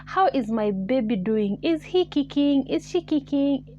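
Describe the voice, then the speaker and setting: A woman's voice: high-pitched, expressive, unhurried, a little mellow, dull audio, slight background noise, pitched above the performer's own voice. A woman voicing a man who sweetly calls his lover on the phone. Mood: doting. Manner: sweet, doting. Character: smooth-talking adult male lover on the phone.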